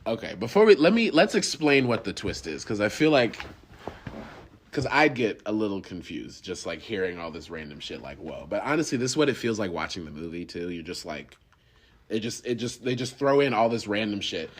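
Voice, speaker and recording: A man hosting a podcast, chatting casually about a film, halting and restarting, laughing often. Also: fairly low pitch, big pitch swings, slight background noise. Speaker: podcast host. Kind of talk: casual film review chat.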